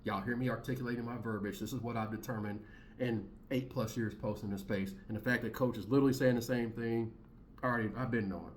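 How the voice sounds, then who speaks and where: A man in his thirties rants bluntly into the camera, heated and slangy, circling back to the same points. His voice sits in an ordinary middle pitch, and a faint hum runs behind him. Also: fairly even intonation, fast. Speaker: commentary channel host. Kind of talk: blunt commentary rant.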